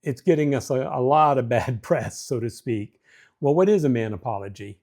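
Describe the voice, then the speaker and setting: A man's voice: medium pitch, normal speed, darkish tone. A middle-aged man hosting a marriage advice talk, earnest and folksy, poking fun at himself and acting out quotes as he goes. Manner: earnest, folksy, self-deprecating, with restarts and acted-out quotes. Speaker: host of a marriage advice show. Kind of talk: casual talking-to-camera advice.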